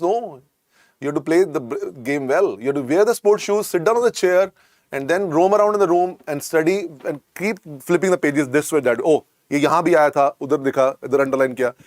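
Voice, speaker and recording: In a clean, dry studio recording, a man with a slightly high, slightly mellow voice and an Indian English accent lectures a medical exam class. He repeats key points and coaxes his students, constantly calling them "beta."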